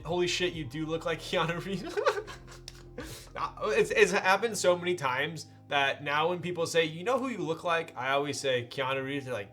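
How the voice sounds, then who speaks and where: Excitable slangy male streamer. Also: a little high, normal speed, soft background music. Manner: excitable and slangy, laughs often. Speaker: streamer hosting a keyboard build stream. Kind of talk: casual live-stream chat with viewers.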